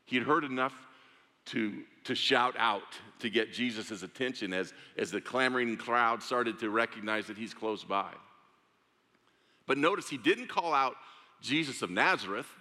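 A man's voice: medium pitch, a little slow, sharp tone, in a large hall. A man preaching a sermon, telling a story with drama and acting out the voices of its characters. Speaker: pastor.

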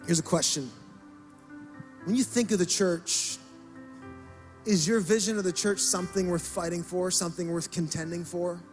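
A male pastor preaching a sermon, passionate and emphatic, rising to loud peaks. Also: a little high, moderate pace, soft background music.

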